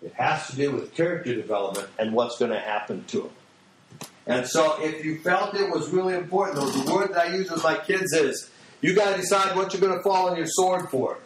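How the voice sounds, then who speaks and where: A man's voice: on the high side, fairly quick, a little hiss or hum. Folksy man preaching in an echoey hall. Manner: folksy, blunt and storytelling. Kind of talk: sermon with personal stories. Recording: echoey, distant hall mic.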